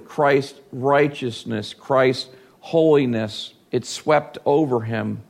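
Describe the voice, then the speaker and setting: A man preaching a sermon as pastor, reading scripture and acting out quoted voices with big swings. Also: mid-range voice.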